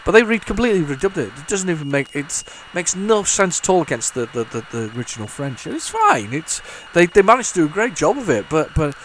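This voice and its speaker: A retro gaming YouTuber with a fairly high-pitched voice talks very animatedly and fast, barely pausing, as he plays old computer games. His casual commentary rambles and trips over itself with many restarts, and there's slight background noise.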